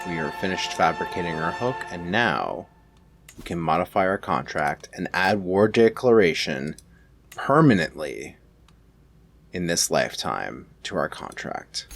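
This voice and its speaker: Man, let's play commentary, deep voice, musing, faint music underneath. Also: a bit bright. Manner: musing, playfully villainous. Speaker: gameplay commentator.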